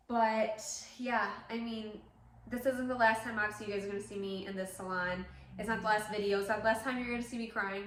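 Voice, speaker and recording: A woman's voice: medium pitch, fairly bright tone, a little hiss or hum. A woman who owns a hair salon, chatting casually to her viewers in a gushing, emotional way with lots of fillers, recorded in her salon. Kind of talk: casual vlog chat.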